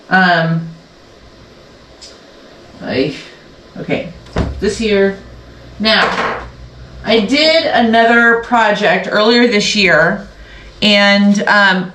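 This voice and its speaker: A woman's voice: mid-range voice, very slow, pauses often, a bit bright. A woman hosting a quilting channel, chatting casually and rambling as she sews along, often breaking off mid-sentence. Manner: chatty, rambling, self-interrupting. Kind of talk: casual sew-along chat. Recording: echoey room with faint background noise.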